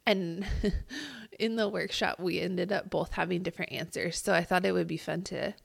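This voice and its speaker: A woman co-hosting a podcast, talking in a relaxed, reflective way with a husky morning voice. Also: lowish voice, no room sound, studio quality. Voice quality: gravelly vocal fry. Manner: reflective, halting with fillers. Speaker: podcast co-host. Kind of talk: casual podcast chat.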